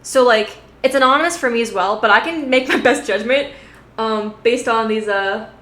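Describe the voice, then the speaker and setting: A woman's voice: fairly high pitch, moderate pace, a bit bright. A woman streamer chatting casually with her viewers, giggly and rambling, swearing freely. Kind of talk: casual live-stream chat. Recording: roomy echo.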